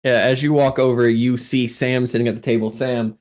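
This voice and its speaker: A man's voice: medium pitch, flat delivery, fairly quick, darkish tone. A man running a tabletop game as game master, narrating loosely with many fillers.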